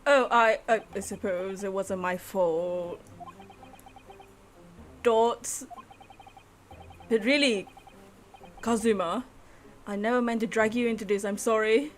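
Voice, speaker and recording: A woman's voice: medium pitch, steady tone, slow pace, pauses often, a little hiss or hum, close to an everyday voice. A woman voicing a timid, apologetic young male student on trial, speaking in a hesitant, stammering way. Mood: flustered.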